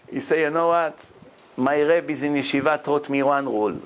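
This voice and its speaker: A rabbi tells stories during a sermon in a voice on the high side, at a moderate pace, though the audio is poor. He's an animated storyteller who acts out the people in his tales and laughs often.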